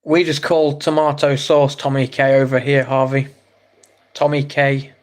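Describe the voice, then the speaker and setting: A man's voice: mid-range voice, flat delivery, measured pace. Chatty English man hosting a livestream. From England. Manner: chatty, joking, reacts to chat messages. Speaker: livestream host. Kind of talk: casual live chat reading comments.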